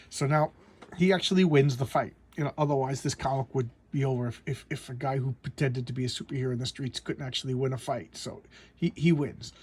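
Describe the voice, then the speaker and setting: A man's voice: on the high side, fairly quick, a little mellow, slight background noise. A man casually reviewing a comic book, rambling and often stammering and repeating his words.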